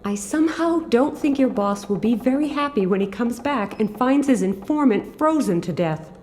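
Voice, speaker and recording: An actress voicing a sharp-tongued young woman held captive in a video game, speaking in a sarcastic, teasing way. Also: a little high, expressive, moderate pace, slight background noise, lightly acted.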